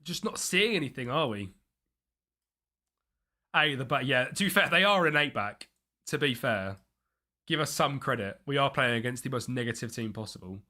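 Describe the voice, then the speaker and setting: A man's voice: mid-range voice, lively intonation, moderate pace, pauses often, sharp tone. A man chatting as he streams a football management game, reacting to the match and his chat. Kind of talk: live gameplay commentary.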